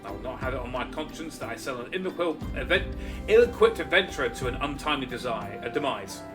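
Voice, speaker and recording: A man's voice: mid-range voice, expressive, quick pace, distant mic, over music, lightly acted. A man voicing a stern, formal mercenary recruiter from a game, with a stiff, cautionary delivery. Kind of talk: reading game dialogue aloud in voices.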